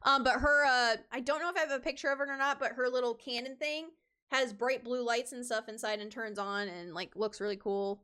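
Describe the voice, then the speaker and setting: A woman's voice: fairly high pitch, fairly even intonation, fairly quick, pushed and bright, clean tone. A woman cosplayer chatting casually on her stream, rambling, with many fillers and restarts.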